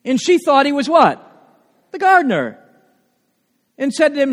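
Animated high-voiced male preacher. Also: normal speed, long pauses, big-room sound. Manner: animated storytelling with frequent restarts. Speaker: pastor. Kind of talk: sermon.

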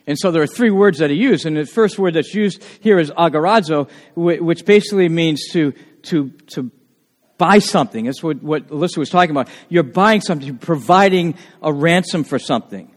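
High-voiced man preaching in a hall. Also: animated. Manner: asks the congregation questions, stretches key words slowly. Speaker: pastor. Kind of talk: sermon.

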